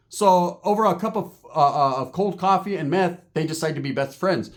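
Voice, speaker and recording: A man telling a story in a casual, animated and profane streetwise way. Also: high-pitched, moderate pace, hardly any pauses.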